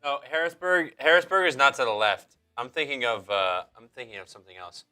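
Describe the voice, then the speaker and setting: A man's voice: medium pitch, big pitch swings, fairly quick, pushed and bright, clear, resonant tone, soft background music. A man, the show's producer, chatting casually and hesitating as he searches for words. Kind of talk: casual chat.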